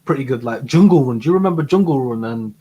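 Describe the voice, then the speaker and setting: A man's voice: mid-range voice, expressive, fast, warm tone. A man co-hosting a live advice stream, talking eagerly and often repeating and restarting words. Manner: enthusiastic, stumbles and repeats words, playful. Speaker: advice show co-host. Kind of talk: casual live-stream banter.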